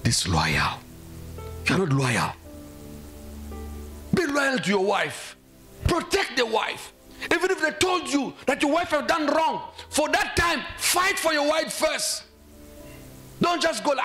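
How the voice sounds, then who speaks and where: A man's voice: extremely high pitch, very animated, a little slow, long pauses, bright, forceful tone, soft background music. A male pastor preaching a sermon in a church, emphatic, quizzing the congregation and acting out quoted voices. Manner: emphatic, asks the congregation questions and acts out quotes.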